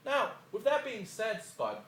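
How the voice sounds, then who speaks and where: A man's voice: high voice, wildly swooping pitch, measured pace, a bit bright. A man cutting a boastful, profane wrestling promo, his voice a bit worn. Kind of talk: trash-talking wrestling promo. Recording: echoey room, faint ambience.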